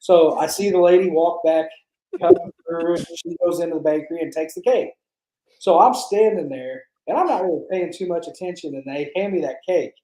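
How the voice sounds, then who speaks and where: A man's voice: on the high side, fairly quick, warm tone. Pitmaster guest, male, casual storyteller, crude and rambling, echoey room sound. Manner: rambling, profane, laughs through stories.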